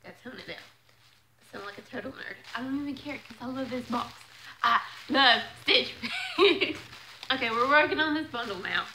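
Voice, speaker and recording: Excited lady unboxing clothes, high voice, super chatty, lots of oh my gosh. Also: fairly quick, slight background noise, poor audio. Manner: gushing, excitable, chatty with frequent exclamations. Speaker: vlogger unboxing a clothing subscription box. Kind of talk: casual unboxing chat.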